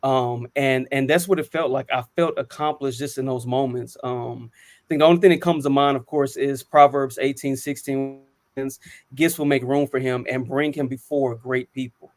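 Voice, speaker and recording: A man's voice: mid-range voice, steady tone, normal speed, no room sound. Guy in his 30s telling personal stories, earnest, lots of ums and restarts, dry close sound. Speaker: co-host. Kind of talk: reflective personal storytelling.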